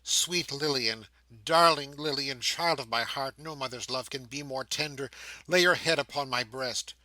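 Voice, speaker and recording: A man's voice: medium pitch, a little slow, sharp tone, no room sound. A man reading an audiobook, voicing a devoted young working woman who speaks tenderly and fervently.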